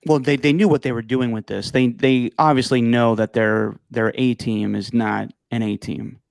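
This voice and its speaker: A man co-hosting a casual online sports talk show from home, animated and quick to mimic announcers. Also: mid-range voice, vocal fry, no echo. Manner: animated, acts out announcers in mocking voices. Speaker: podcast co-host. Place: home, over a video call.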